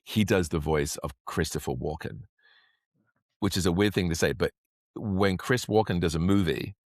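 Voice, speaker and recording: A man with an English accent, a podcast guest, chatting casually in a rambling, animated way. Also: sits low, normal speed, no echo, studio quality. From England. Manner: rambling, animated storyteller who acts out quotes. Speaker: podcast guest, actor and magician. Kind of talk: casual interview chat.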